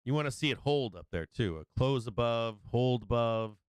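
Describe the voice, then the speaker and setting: A man giving casual live trading commentary, excitable and profane, often repeating himself. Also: mid-range voice, moderate pace, clean tone, no echo, low-quality recording. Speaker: livestream market commentator.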